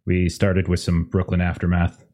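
A man's voice: low-pitched, monotone, normal speed, warm tone, slight background noise. A man running a tabletop game as game master, casually swearing and mock-stern with his players before reading a recap.

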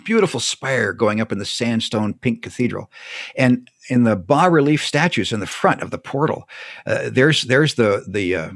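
Brief: man, expressive pitch, emphatic storyteller, dry close sound. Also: moderate pace, no room sound. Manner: lively, emphatic, with frequent restarts. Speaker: guest speaker on theology. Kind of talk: animated conversational storytelling.

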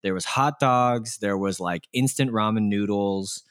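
A man's voice: on the low side, a little slow, fairly bright tone, clean tone, dry recording, clean studio sound. A man co-hosting a podcast in casual chat, telling stories full of fillers and teasing his co-hosts. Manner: storytelling with many fillers, teasing. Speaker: podcast co-host.

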